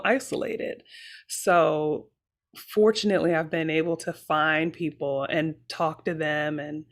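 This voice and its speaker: A woman opera singer and mother speaking in an earnest, reflective way in a casual panel chat. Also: sits low.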